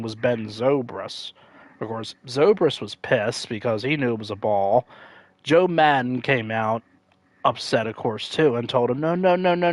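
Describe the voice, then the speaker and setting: Rambling man chatting on a livestream. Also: no room sound. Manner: rambling, many fillers and self-corrections; acts out quoted announcers with sudden loud high outbursts. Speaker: livestream gamer. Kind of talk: casual livestream chat.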